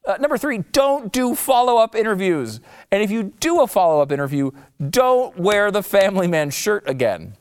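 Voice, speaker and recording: A man's voice: high voice, sing-song, brisk, hardly any pauses, smooth, no room sound, studio quality. Sarcastic male comedy podcast host. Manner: sarcastic, theatrical swings of voice. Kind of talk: comedic monologue.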